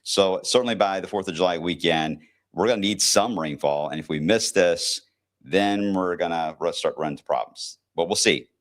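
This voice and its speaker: A young man talks through forecast models on a relaxed livestream, with a low voice. He is chatty and teases himself as he goes, speaking from a weather office. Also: normal speed. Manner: laid-back, chatty, self-teasing. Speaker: TV meteorologist. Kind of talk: casual livestream weather briefing.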